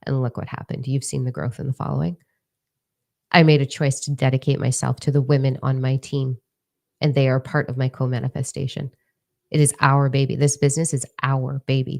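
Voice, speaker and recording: A woman mentor talking casually to her followers in a livestream, blunt, profane and energetic. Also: very deep voice, creaky. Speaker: mentor and social media creator.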